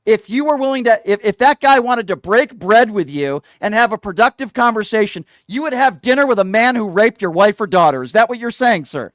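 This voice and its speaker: A man's voice: sits high, expressive, brisk, few pauses, a bit bright, no room sound, clean studio sound. A male talk show host arguing with a caller, hectoring, insulting him and repeating the same question. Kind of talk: heated call-in argument.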